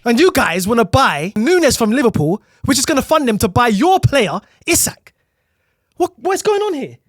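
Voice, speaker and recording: A man's voice: very high voice, big pitch swings, moderate pace, no room sound, clean studio sound. A man, co-hosting a football chat show and ranting in an exasperated, teasing way. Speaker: podcast co-host. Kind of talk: heated football rant.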